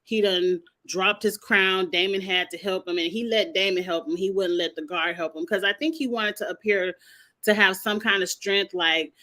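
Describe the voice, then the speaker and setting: A woman's voice: mid-range voice, a little slow. A woman hosting a casual TV recap, telling the story with sass and playful cursing. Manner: sassy, animated retelling with playful cursing. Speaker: show recap host.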